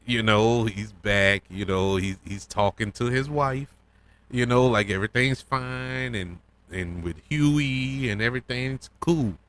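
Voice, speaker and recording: A man hosting a casual solo review podcast, talking in an excitable, rambling way with plenty of fillers and restarts. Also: mid-range voice, measured pace. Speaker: podcast host reviewing a TV episode.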